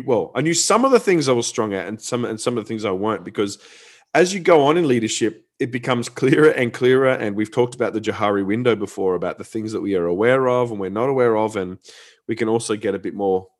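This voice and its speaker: A middle-aged man hosting a casual talk, telling a story in a chatty way with many restarts and fillers. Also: on the low side. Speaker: podcast host, former youth pastor.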